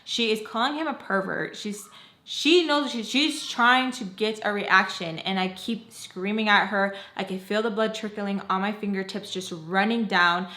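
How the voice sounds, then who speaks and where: A woman's voice: medium pitch, steady tone, normal speed, sharp tone. A woman vlogger telling a dramatic story, rambling and emotional, filling her talk with "like". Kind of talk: storytime vlog. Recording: echoey room.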